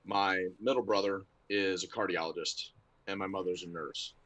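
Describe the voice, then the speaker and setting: A middle-aged man chats easily as a podcast guest, his voice a little husky with a bright, forward edge. He keeps things loose and laughs as he recounts old stories. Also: deep voice, normal speed, no room sound, low-quality recording. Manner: relaxed, laughs through stories. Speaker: guest, associate athletic director. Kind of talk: casual podcast chat.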